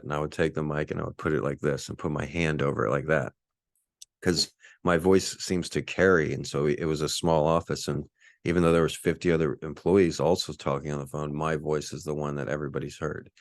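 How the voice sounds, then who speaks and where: A man's voice: rumbling low, steady tone, a little fast, no room sound, clean studio sound. A man in his forties from Texas, telling a rambling, laid-back story as a podcast host. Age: 40s. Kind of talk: casual storytelling monologue.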